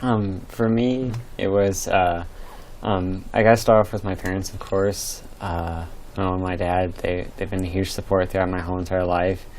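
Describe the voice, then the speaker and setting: A man's voice: sits low, steady tone, moderate pace, few pauses, darkish tone, slight background noise, low-quality recording. A young man, a graduating student, earnestly thanking his family and teachers in an interview, with some fillers. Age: late teens. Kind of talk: interview answers.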